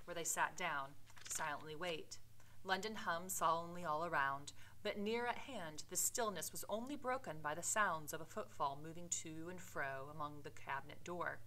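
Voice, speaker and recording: A woman teacher reads a classic novel aloud and stops now and then for casual explanations. Her tone is bright and clear, her pitch sits a little low, and she gives the dialogue dramatic emphasis. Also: moderate pace, slight background noise, poor audio. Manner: expressive reading, voicing dialogue with dramatic emphasis; casual explanatory asides with fillers. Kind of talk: read-aloud with commentary.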